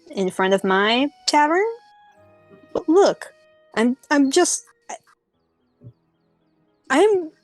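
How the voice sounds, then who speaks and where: A woman's voice: mid-range voice, dry recording. A woman doing a pushy, fretful tavern keeper woman.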